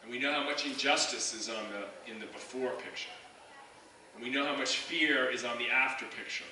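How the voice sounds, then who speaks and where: A middle-aged man giving a heartfelt speech to students at a high school assembly, telling stories earnestly with many restarts. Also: fairly quick, bright, forceful tone, a little hiss or hum. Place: large school gym or auditorium. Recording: echoey hall from far off, crowd.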